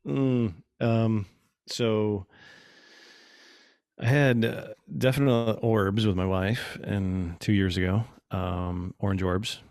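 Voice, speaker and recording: Casual podcast guest, man, gravelly and low, dry close mic. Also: slow, no echo. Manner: animated storyteller, acts out quotes. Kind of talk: casual chat.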